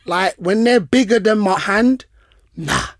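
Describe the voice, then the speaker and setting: A man co-hosts a podcast. His voice sits high and he tells stories animatedly, slipping into street slang. The sound is close and dry. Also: expressive, unhurried, no room sound. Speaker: podcast co-host. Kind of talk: casual podcast chat.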